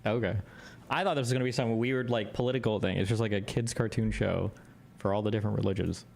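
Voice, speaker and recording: A man's voice: lowish voice, steady tone, quick pace, creaky, a little mellow. A man streaming live, reacting to videos in casual, crude, rambling talk.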